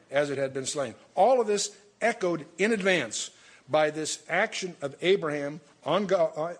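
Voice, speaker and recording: A man teaching a verse-by-verse Bible study, reading scripture aloud and breaking off to explain it with asides and restarts. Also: medium pitch.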